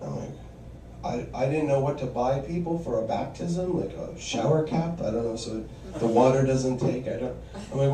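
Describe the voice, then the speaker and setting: A man's voice: medium pitch, moderate pace, mellow, roomy sound, far from the mic, rough recording. A man performing a stand-up comedy set, telling wry stories and acting out quoted voices.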